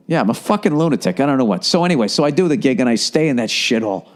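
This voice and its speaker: Boston guy in his forties, podcast host telling swear-heavy stories, mid pitch. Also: expressive, fast, few pauses. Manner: profane, storytelling, swings from low mumbling to loud. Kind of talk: casual rambling monologue.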